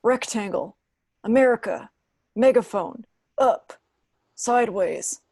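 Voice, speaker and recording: A woman reading a deadpan gruff boss. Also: on the high side, slow pace, dry recording, studio quality.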